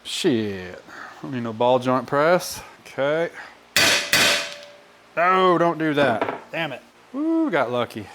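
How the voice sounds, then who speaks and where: Slow and full of pauses, a man with a fairly high, very animated voice hosts a DIY truck build in a home garage or shop, rambling wryly as he works on the vehicle. He swears casually now and then in this laid-back garage commentary for his mechanic channel, and the recording is very noisy.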